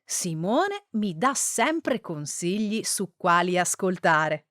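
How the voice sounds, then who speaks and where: A woman slowly and carefully reading short example sentences and single words, with deliberate, precise pronunciation. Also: lowish voice, sing-song, fairly bright tone, no echo, clean studio sound.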